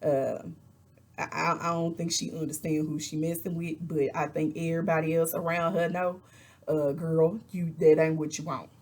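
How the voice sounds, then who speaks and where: A woman recapping a reality show in casual, animated chat, acting out quotes with exasperated asides. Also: low-pitched, moderate pace. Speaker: reality TV reviewer.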